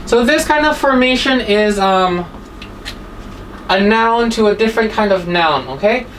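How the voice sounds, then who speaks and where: A woman's voice: mid-range voice, animated, unhurried, distant mic, a little hiss or hum, low-quality recording. A woman teaching an English exam-prep class, explaining word forms and checking in with "right?" and "okay?" after nearly every point.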